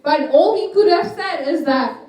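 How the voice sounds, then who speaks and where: A woman telling a dramatic, animated story as a guest at a pre-wedding party. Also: sits high, normal speed. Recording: very echoey room from a distance.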